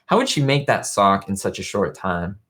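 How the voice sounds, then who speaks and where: A man's voice: deep voice, big pitch swings, normal speed, a bit bright. Chatty man hosting a live stream. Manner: chatty, rambling, reads viewer chat aloud. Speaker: show host. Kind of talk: casual live-stream commentary. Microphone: webcam live stream.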